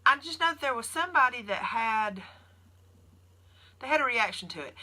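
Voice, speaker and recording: A woman's voice: a little high, lively intonation, normal speed, sharp tone. A woman with a Southern US accent, chatting casually on a livestream and answering viewer questions as a keto nurse.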